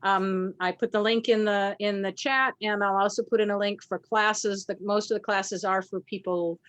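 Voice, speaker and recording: A woman's voice: medium pitch, steady tone, fairly bright tone, no room sound. Older woman, jam host, dry mic, chatty announcements. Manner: chatty, halting with fillers. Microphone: video call.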